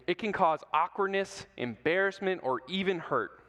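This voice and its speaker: A man's voice: sits high, expressive, moderate pace, pushed and bright. A man giving a playful talk to middle schoolers, telling stories and asking the audience questions. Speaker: youth speaker. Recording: long hall reverb.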